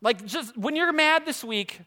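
A young man preaching a casual sermon, telling stories in a conversational, animated way and acting out quotes. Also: very high-pitched, measured pace. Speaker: pastor.

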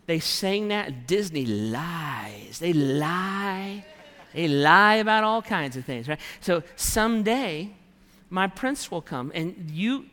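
High-voiced male pastor in a reverberant hall. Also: sharp tone. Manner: conversational preaching, acts out quoted prayers. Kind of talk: sermon.

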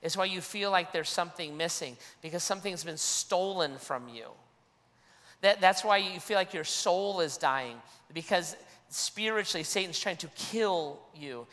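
A man's voice: sits high, moderate pace, a bit bright, in a large hall. A man preaching a sermon as a pastor, earnest, often restarting and repeating his phrases.

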